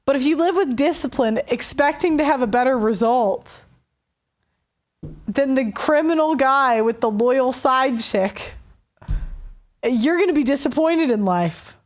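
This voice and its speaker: A woman's voice: sits high, animated, measured pace. A young woman hosting a call-in show, giving a blunt, heated opinion rant with stumbles and restarts. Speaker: host.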